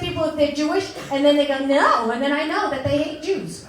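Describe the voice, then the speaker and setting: A woman's voice: high voice, expressive, a little fast, a crowd in the background. A middle-aged woman doing a brash, self-mocking stand-up set in a comedy club. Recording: echoey club with audience laughter.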